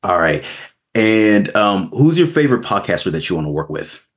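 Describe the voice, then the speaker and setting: A man's voice: lowish voice, big pitch swings, normal speed. A man hosting a podcast in a laid-back, enthusiastic chat style. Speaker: podcast host. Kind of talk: casual interview chat.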